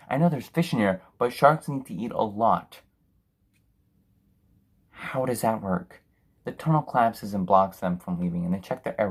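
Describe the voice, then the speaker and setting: A man delivers a film review as a long, profane rant. His voice is husky and middle-pitched, and his tone is sarcastic and exasperated throughout. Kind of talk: ranting film review commentary.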